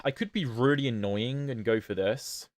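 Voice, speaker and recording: A man's voice: mid-range voice, normal speed, no echo, clean studio sound. A man with a British accent, not fully standard, casually commenting on his chess games and answering chat on a livestream. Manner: chatty, answers chat questions while playing. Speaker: chess streamer.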